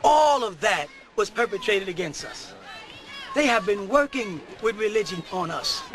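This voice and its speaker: A middle-aged man preaching a sermon to a live audience, often shouting and laughing. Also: high-pitched, animated, unhurried, crowd noise, low-quality recording.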